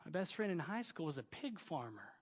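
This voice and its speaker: A man's voice: fairly high pitch, big pitch swings, brisk, husky, long reverb tail. A pastor from Oklahoma with a Southern accent, preaching a folksy, emphatic sermon with jokes to his church.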